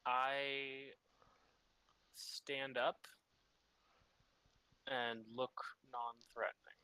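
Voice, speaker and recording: A man taking part as a player in a tabletop role-playing session, speaking deliberately with a wry edge. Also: medium pitch, little pitch movement, sharp tone, clear, resonant tone, rough recording. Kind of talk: casual tabletop chat.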